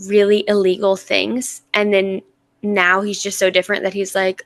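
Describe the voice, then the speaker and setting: A woman's voice: mid-range voice, steady tone, a little slow, a bit bright. A young woman co-hosting a book podcast, chatty and playful, laughing often as she talks. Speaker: podcast co-host. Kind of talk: casual book discussion.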